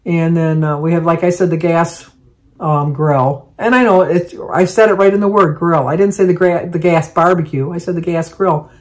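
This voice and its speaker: A woman's voice: lowish voice, steady tone, moderate pace. An older woman, chatting at home to the camera in a rambling, meandering way full of asides. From Michigan. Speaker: vlogger. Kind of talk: casual chat to camera.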